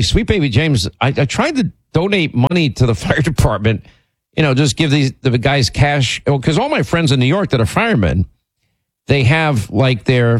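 A male radio host talks in loose, rambling banter on a studio mic, teasing his co-host. His pitch swings widely, leaping up when he's exasperated. The sound is dry and close, with no room around it. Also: no echo. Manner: voice jumps high when exasperated. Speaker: radio talk show host. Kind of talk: casual on-air banter.

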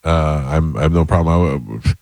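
A man's voice: extremely low pitch, normal speed, creaky, darkish tone, dry recording. A man hosting a casual radio show, joking and rambling through promotions and banter. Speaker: radio host.

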